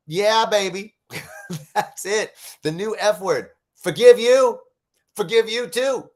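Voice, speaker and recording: A man hosting a casual live-streamed spiritual talk, animated and laughing, telling jokes. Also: high-pitched, slow pace.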